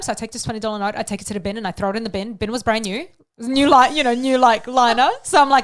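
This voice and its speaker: Brief: quick, fairly high-voiced Australian woman in her thirties, candid podcast co-host acting out her own stories. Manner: animated storytelling, swears freely, acts out quotes. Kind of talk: casual chat.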